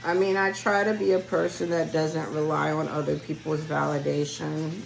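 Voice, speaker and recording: Gravelly low-voiced woman rambling to viewers. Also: little pitch movement, normal speed, poor audio. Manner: rambling, chatty, talks straight to viewers. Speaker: spiritual reader. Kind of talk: casual solo vlog monologue.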